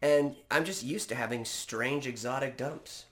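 A man telling stories in a casual chat, animated and swearing freely. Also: medium pitch, measured pace.

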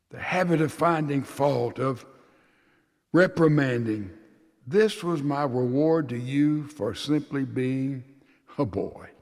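A man preaching a sermon and reading a father's letter aloud in a slow, tender, emotional way that sinks to hushed tones. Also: on the high side. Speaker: pastor. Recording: long reverb of a large hall.

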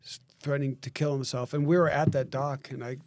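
A man in a casual podcast chat, telling animated lifeguard stories and laughing through them. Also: mid-range voice, a little fast.

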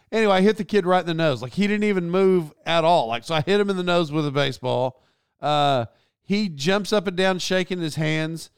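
A middle-aged man hosting a podcast, telling a rambling story in an animated way and often correcting himself. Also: fairly high pitch, smooth, no echo, studio quality. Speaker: podcast host. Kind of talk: casual storytelling.

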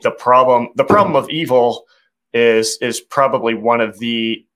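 A man's voice: medium pitch, normal speed, fairly bright tone. A man conducting an interview, answering thoughtfully with fillers and restarts. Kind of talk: conversational interview.

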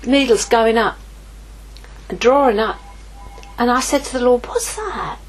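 A woman preaching a sermon, lively, moving from hushed asides to exclaiming. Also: fairly high pitch, a little slow, low-quality recording. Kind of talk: sermon teaching.

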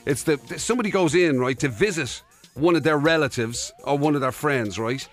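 A man's voice: on the high side, fairly quick, soft background music. A man co-hosting a morning radio show, teasing and easygoing in casual banter.

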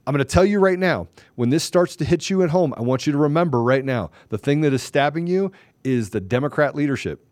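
A man's voice: a little high, lively intonation, brisk, a little mellow, no room sound. A man hosting a talk show, talking in a heated, emphatic ranting way. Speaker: show host. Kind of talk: casual political talk show chat.

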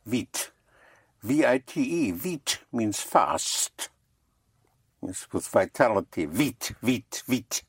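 A French teacher giving a slow, patient one-on-one lesson and spelling words out letter by letter. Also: mid-range voice, very animated, breathy edge, no echo, studio quality.

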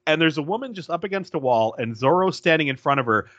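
A man recaps a film on a podcast, his voice swooping up and down as he retells scenes. His pitch sits a little above the usual. The recording is dull and dry. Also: fast, dry recording. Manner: animated retelling, acts out lines, laughs often. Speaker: podcast co-host. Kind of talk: casual film recap chat.

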